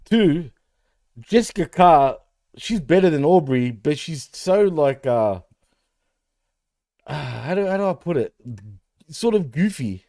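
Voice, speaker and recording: A man's voice: fairly high pitch, lively intonation, takes it slowly, long pauses, dark tone, no room sound, clean studio sound. A man co-hosting a casual wrestling podcast, brash and joking, calling people bro. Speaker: podcast co-host.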